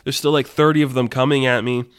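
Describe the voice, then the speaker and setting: A man's voice: medium pitch, flat delivery, fast, a bit bright, clean tone, no echo, studio quality, natural voice. Man voicing a flustered cornered brawler, Damien. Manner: stammering, thinking aloud.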